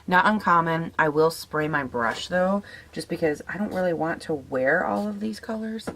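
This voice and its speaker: A young woman with a raspy morning voice, chatting casually as she tests makeup, swearing now and then and laughing at herself. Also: fairly low pitch, expressive, normal speed, a bit bright. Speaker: beauty vlogger. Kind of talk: casual makeup tutorial chat.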